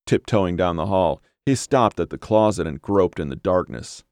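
A man reading a horror story aloud in a measured, steady storytelling manner, on a close microphone. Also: low voice, clear, resonant tone, dry recording. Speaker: audiobook narrator. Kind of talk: scripted horror narration.

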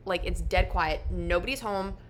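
A young woman co-hosting a casual podcast, relaxed and quick to laugh. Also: fairly low pitch, slight background noise. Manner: easygoing, laughs along, casual swearing. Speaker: podcast co-host. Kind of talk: casual chat.

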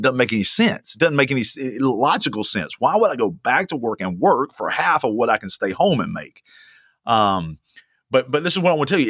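A man's voice: mid-range voice, fairly bright tone, slightly rough, no room sound, studio quality. A young man preaching a sermon as a pastor, emphatic and fond of repeating lines for stress. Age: young adult.

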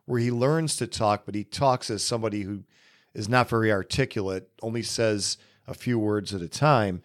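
A man hosting a podcast, giving casual solo film commentary in an unhurried, musing way with many pauses. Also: on the low side. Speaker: podcast host.

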